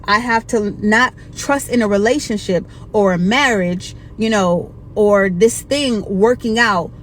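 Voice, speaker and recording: A woman's voice: medium pitch, a little slow, a little hiss or hum. Earnest woman sharing a faith story. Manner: earnest, heartfelt testimony. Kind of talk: faith-based personal story.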